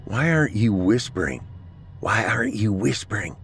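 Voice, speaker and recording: A scornful, cowardly male army captain in a horror audio story, put on by a man. His voice is low and drawn out. Every line drips with sneering contempt. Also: wildly swooping pitch, measured pace, soft background music. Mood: hissing.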